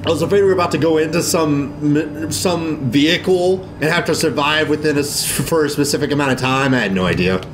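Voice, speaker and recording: A man's voice: fairly high pitch, a little fast, few pauses, noisy background. A man commenting on a video game he is playing, reacting with big emotional swings and talking to the characters on screen. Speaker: let's play gamer. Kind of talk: casual gameplay commentary.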